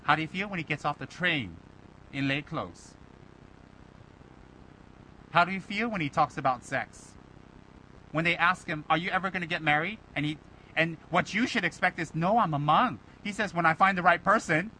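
A man teaching a Buddhist dharma talk, animated and rhetorical, mimicking his listeners' complaints. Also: fairly high pitch, moderate pace, long pauses, slight background noise, low-quality recording. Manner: animated, rhetorical, mocking imitations.

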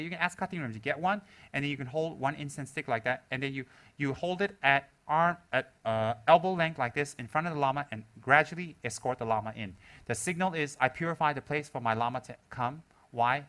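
Man, Buddhist teacher, high voice, humorous talk to students, animated, frequent laughter. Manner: animated, laughing, mimics people in squeaky voices.

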